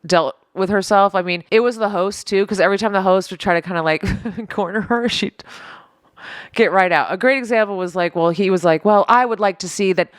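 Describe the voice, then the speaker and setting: A woman co-hosting a podcast in casual chat, animated and quoting people in acted voices. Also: medium pitch, brisk, dry recording, studio quality. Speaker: podcast co-host.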